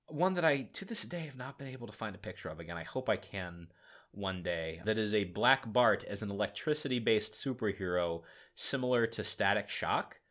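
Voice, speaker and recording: A man's voice: lowish voice, fairly bright tone. A man hosting a podcast, giving a rambling, good-humored lecture with frequent fillers and laughs. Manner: rambling, laughing, self-deprecating. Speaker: podcast host.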